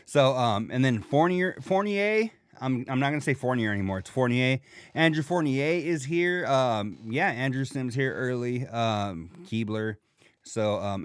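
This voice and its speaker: A man's voice: medium pitch, dry recording, studio quality. A man hosting a casual podcast chat in slangy talk, often acting out the lines he quotes. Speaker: podcast host.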